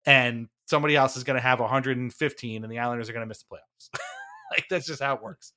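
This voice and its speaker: A man's voice: medium pitch, steady tone, quick pace, pushed and bright. A man co-hosting a sports podcast, ranting in exasperation with frequent swearing and laughs. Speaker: podcast co-host. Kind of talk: casual sports talk.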